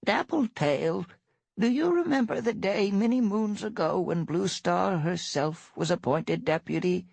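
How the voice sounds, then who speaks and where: Man playing a querulous old she-cat elder in a storybook, voice pushed way up, husky edge. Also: lively intonation, measured pace, darkish tone, dry recording, heavily acted. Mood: puzzled, reminiscing. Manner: high, strained and querulous.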